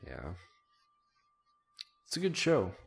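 A man co-hosting a podcast in relaxed, easygoing chat. His voice is very deep and gravelly. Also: slow pace. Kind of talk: casual chat.

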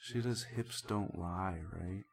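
A man in casual podcast chat, dry and deadpan with his jokes. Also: low voice, slow pace, creaky, slight background noise.

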